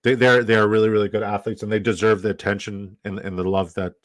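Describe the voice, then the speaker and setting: A man from Canada talking loosely on a live stream, rambling and cursing and saying things twice. His voice sits low, and the sound is dry and close with no room echo. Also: little pitch movement, fast talker. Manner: rambling, profane, repeats himself. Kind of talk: casual live-stream chat.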